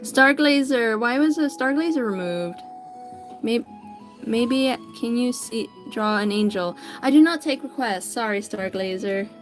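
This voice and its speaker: A woman's voice: on the high side, lively intonation, unhurried, soft background music. A woman artist chatting casually on a livestream while she draws, greeting viewers by name in an upbeat, chatty way. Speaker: digital artist streamer.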